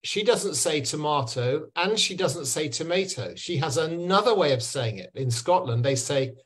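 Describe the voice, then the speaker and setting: A man's voice: fairly high pitch, lively intonation, moderate pace, few pauses, a bit bright, husky. A man with an English accent from England, patiently teaching pronunciation to educators on a video call, repeating words to model them. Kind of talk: online pronunciation lesson.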